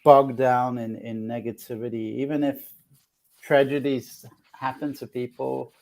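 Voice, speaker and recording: A man's voice: medium pitch, flat delivery, a little slow, creaky, darkish tone. A man hosting a casual spiritual chat, talking in a reflective, earnest way with many restarts. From outside the United States. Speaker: host.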